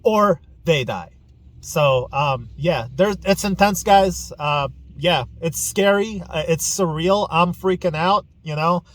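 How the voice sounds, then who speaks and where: Young man, blunt and profane, emotional, slightly high voice, casual vlog. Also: slow pace, hardly any pauses. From Ukraine. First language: Ukrainian. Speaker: podcast host.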